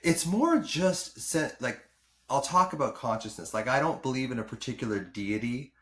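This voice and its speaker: A man's voice: medium pitch, lively intonation, moderate pace, fairly bright tone. A man hosting a podcast as a doctor, explaining things thoughtfully with small restarts. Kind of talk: podcast conversation.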